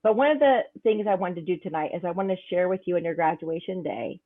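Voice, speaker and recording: A woman's voice: on the low side, lively intonation, quick pace. Woman comic in her 40s teasing the crowd, muffled lo-fi audio. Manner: brash, teasing, talks to the crowd. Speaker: stand-up comic and comedy mentor. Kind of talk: stand-up comedy set. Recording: dull lo-fi sound.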